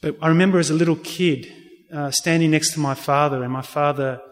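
An earnest man recounts his faith as an interview guest, slightly high for a man. He often restarts his sentences as he tells the story. His voice rings with a long reverb, as in a big hall. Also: fairly even intonation, brisk. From Australia. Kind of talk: personal faith testimony.

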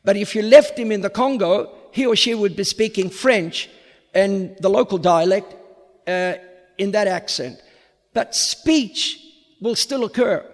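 A man with an Australian accent with a slight American tinge, a priest giving a public lecture in an unhurried way, repeating words as he searches for the next. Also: high voice. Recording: long reverb of a hall.

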